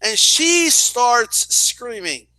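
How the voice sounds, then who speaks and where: A young man telling a story in a casual, animated way, swearing and often asking "right?". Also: very high-pitched, extremely slow, no echo. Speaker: boxing and wrestling commentator.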